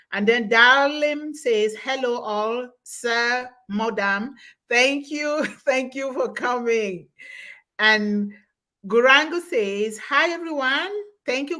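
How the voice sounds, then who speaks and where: Hosting a live online webinar, a high-voiced woman reads audience comments aloud slowly and offers warm, effusive thanks.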